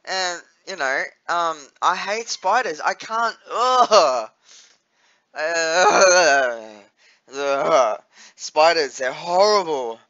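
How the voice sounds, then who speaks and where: An Australian man with a high, bright voice talks slowly and loosely, rambling through fillers and restarts and swearing freely. The recording is a little dull and lo-fi. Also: expressive. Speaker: vlogger. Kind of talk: casual vlog chat.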